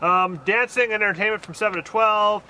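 A man's voice: high-pitched, fairly quick, slight background noise, low-quality recording. A man co-hosting a local events show, reading listings outdoors in the cold and joking with his partner. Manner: joking, relaxed, self-deprecating. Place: outdoors in cold winter by a road.

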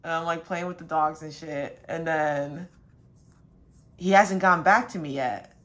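A woman's voice: measured pace, fairly bright tone. A young woman, a spiritual reader, telling a rambling casual story full of fillers and mild cursing. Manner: quotes her dad in a higher voice.

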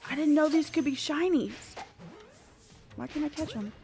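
High-voiced excitable woman streamer. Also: moderate pace, faint music behind. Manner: excitable, chatty, greets viewers by name. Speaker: game streamer. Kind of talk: casual live-stream chat.

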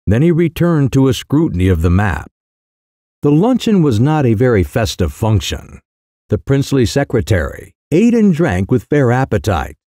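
Wry, expressive male storybook narrator. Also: mid-range voice, no room sound, clean studio sound. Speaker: audiobook narrator. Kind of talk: scripted narration of a comic short story.

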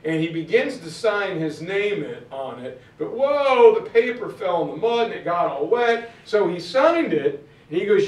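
A man with a fairly high voice lectures on history in a chatty, animated way. He drops into slangy character voices and personal asides. He sounds a little distant from the mic in an echoey room. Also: moderate pace. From western Pennsylvania. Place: room with audience.

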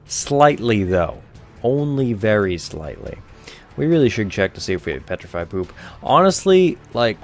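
A man's voice: mid-range voice, vocal fry. A young man giving rambling, offhand let's-play commentary over a video game, swearing casually. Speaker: gameplay commentator.

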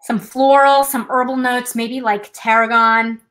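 With a fairly high, steady and fairly bright voice, a little slow, the host leads live trivia over a rough recording. Her delivery is a casual live-stream demonstration, step-by-step and gently self-mocking.

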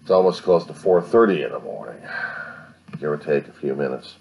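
Speaking late at night at home into his own self-set-up camera, an American video diarist in his fifties keeps his voice low to avoid waking the neighbors while he muses and grumbles. His extremely low voice is expressive, fairly quick, creaky, dark, and slightly rough.

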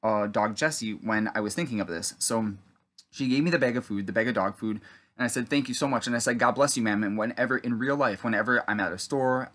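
A man telling about a dream in a halting, rambling monologue, full of fillers and throat clearing, then preaching earnestly. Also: fairly low pitch, fairly bright tone. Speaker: vlogger recounting a dream.

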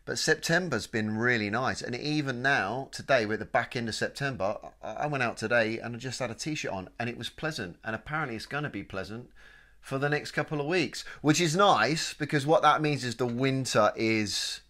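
A British man co-hosts a comedy podcast in a lively, jokey voice of middling pitch. He laughs often and swears freely. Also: a little fast. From United Kingdom. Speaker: podcast co-host. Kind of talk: casual comedy podcast chat.

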